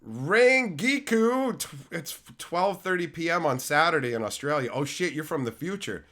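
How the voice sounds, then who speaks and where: Middle-aged male streamer, sick and hoarse, profane, animated roast delivery, sits a bit high. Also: normal speed. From Canada. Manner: loud profane mock-insulting of chat. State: sick, losing his voice. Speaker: card-opening streamer. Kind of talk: live stream banter with chat.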